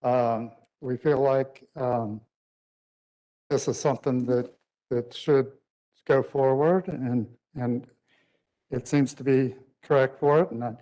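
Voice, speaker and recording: A man's voice: mid-range voice, dark tone, poor audio. A man speaking as the applicant at a public hearing, hesitant and full of filler words. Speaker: development applicant.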